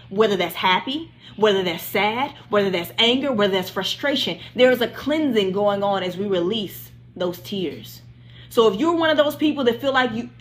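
A woman leading a livestreamed Bible study, preaching with passion, repeating phrases and praying aloud over her listeners. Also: mid-range voice. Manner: impassioned, repetitive preaching with prayer.

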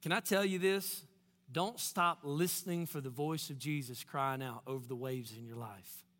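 A man preaching a sermon in a church, very animated, swinging between loud bursts and hushed lines and acting out quotes. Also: a little high, moderate pace, in a large hall. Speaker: pastor.

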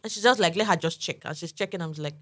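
Woman, 30s, podcast co-host, animated storyteller, lowish voice. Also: fast. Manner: lively storyteller acting out quoted dialogue. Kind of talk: casual storytelling chat.

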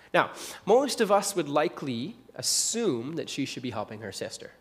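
A man's voice: fairly high pitch, in a large hall. A male pastor preaching a sermon conversationally, repeating phrases for emphasis.

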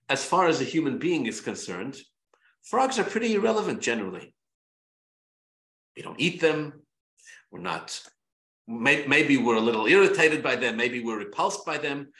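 A man, a rabbi, teaching a Torah class in an animated way, repeating himself and restarting phrases. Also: fairly high pitch, echoey room. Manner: animated, repetitive, many restarts.

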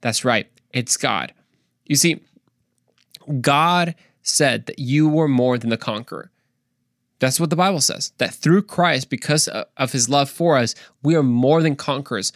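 A man hosting a faith podcast, earnest and animated, repeating points for emphasis and joking in between. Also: mid-range voice, a little slow, no room sound, studio quality. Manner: playful, tries silly accents, earnest preaching. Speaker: podcast host. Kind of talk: casual faith podcast monologue.

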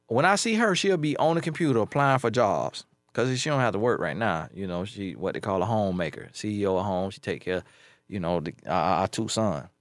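Recorded in studio quality with no echo, a man with a lowish, expressive voice talks a little fast. He's a life coach giving casual, blunt advice in street-talk style, stressing his points and hammering them home by repeating key phrases.

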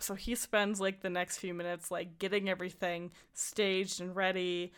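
Speaking at a moderate pace in a smooth, fairly low voice, this podcast co-host recaps a film in a casual conversation. She's animated, laughs often, and acts out lines.

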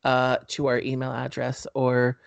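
A man's voice: mid-range voice, monotone, measured pace, gravelly, no room sound. A man co-hosting a casual movie-review podcast, talking in a loose, rambling way with lots of "um" fillers. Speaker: podcast co-host.

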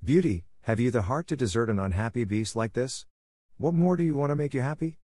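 A man voicing a sorrowful, gentle male beast in a storybook reading. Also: on the low side, lively intonation, a little fast, dry recording, studio quality, lightly acted. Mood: pleading. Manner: doleful, pleading.

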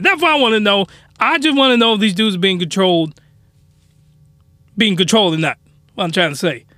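High, bright-voiced man ranting. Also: dry recording, clean studio sound. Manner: exasperated, animated ranting. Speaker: anime episode commentator. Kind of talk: ranting recap commentary.

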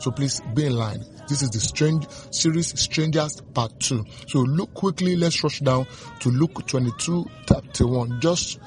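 A man preaching a sermon, slow and fervent, repeating refrains and reading scripture aloud. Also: medium pitch, faint music behind.

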